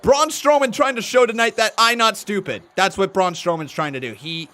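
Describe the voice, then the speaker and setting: A man hosting a live watch-along stream, giving animated, joking reactions and commentary. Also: high voice, fairly quick. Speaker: host.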